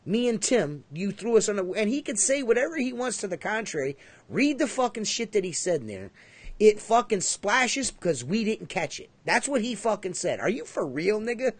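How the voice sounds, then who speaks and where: A man co-hosting a casual livestream podcast, talking in a high voice. He rambles, swears constantly and leans hard on his points. The sound is dry and close, with no room around it. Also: very animated, a little fast, husky, no echo. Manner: profane, rambling, emphatic. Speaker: podcast co-host.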